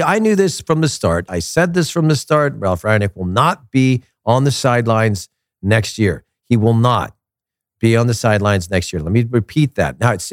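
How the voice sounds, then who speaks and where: Man, soccer show host, opinionated casual commentary, lowish voice, dry close sound. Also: no room sound. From United States. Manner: opinionated, animated, repeats points for emphasis.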